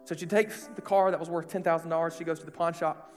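A man's voice: a little high, flat delivery, fast. A man preaching a sermon to young people, casual and emphatic, with slang and rhetorical questions. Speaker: pastor. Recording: echoey hall, faint music behind.

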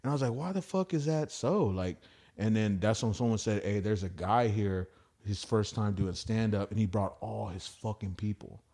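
A podcast host and stand-up comic with a lowish, dark voice tells stand-up stories at a moderate pace, his intonation fairly even. The chat is casual, rambling and profane, and he acts out the quotes.

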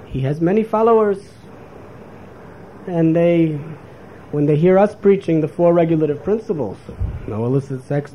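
A man's voice: on the high side, highs cut off. A man giving a spiritual lecture, delivering it as a sermon and acting out the voices of the people he quotes. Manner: animated, acts out quoted voices. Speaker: spiritual teacher. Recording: faint background noise.

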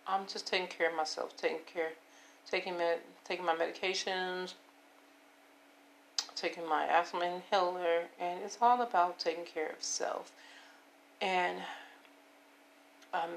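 A woman in her fifties with a hoarse voice, rambling and repeating herself as she talks to her viewers about taking care of herself. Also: fairly low pitch, slight background noise. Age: 50s. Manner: rambling, repetitive, self-affirming. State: hoarse, voice giving out. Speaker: vlogger. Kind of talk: casual personal monologue.

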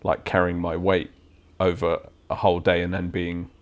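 Lower-voiced joking podcast co-host. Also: male voice, completely flat delivery, normal speed. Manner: joking, rambling anecdotes. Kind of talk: casual chat.

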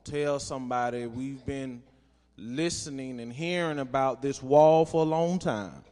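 A man's voice: medium pitch, a little slow, smooth. A man preaching a sermon in a church, reading scripture and calling on the congregation to respond. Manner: call-and-response preaching, rising to shouts. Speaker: pastor. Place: church sanctuary. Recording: reverberant church hall.

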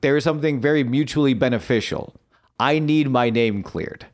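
A man in a relaxed podcast chat walks through what happened on screen, keen and talkative. His voice sits at an ordinary middle pitch, and he often stops and restarts his sentences with little fillers. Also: normal speed. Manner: eager storytelling recap with fillers and restarts. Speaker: podcast co-host. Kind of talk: casual recap chat.

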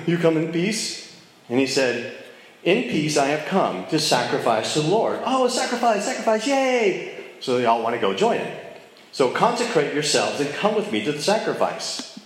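A man teaching a casual Bible study, talking conversationally and checking in with his listeners. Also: mid-range voice. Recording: very echoey room.

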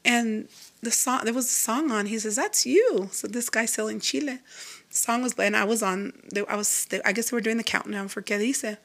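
A woman from Texas talking as a guest singer in a relaxed interview. Her voice sits a little high, and she tells her story earnestly, with many restarts and lively quoted lines. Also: brisk. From Lubbock, Texas. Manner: animated, quotes others in a raised voice.

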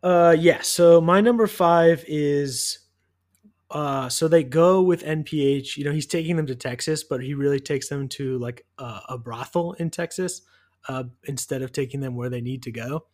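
A young man from the US Northeast co-hosting a casual movie podcast, excited and fast, full of "like" and "dude". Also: on the high side. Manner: animated, fast, leans on "like" and "dude". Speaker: podcast co-host. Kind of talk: casual movie-review chat.

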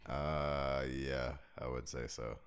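Young male co-host, very low voice, unhurried delivery, easygoing banter. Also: steady tone, clean tone. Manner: laid-back, joking, laughs often. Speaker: podcast co-host. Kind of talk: casual chat.

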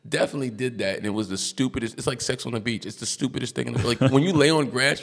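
A man's voice: mid-range voice, racing, gravelly, few pauses, a bit bright. A man hosting a casual chat, talking in a loose, crude way and laughing easily. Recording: long reverb in the room.

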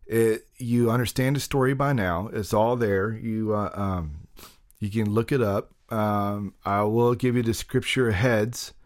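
A man hosting a podcast, talking in a casual, rambling monologue full of jokey self-deprecating asides. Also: lowish voice. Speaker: podcast host.

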